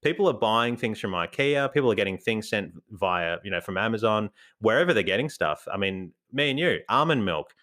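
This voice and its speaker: A man co-hosting a podcast in casual chat, laughing often and reading news aloud slowly. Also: lowish voice, lively intonation, fairly bright tone. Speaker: podcast co-host.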